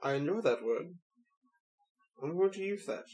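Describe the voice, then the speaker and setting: Guy playing a tabletop game, kinda high voice, jokey, laughs a lot, swears. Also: animated, moderate pace, darkish tone, faint music behind, rough recording. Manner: laughs easily, swears, playful. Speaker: player.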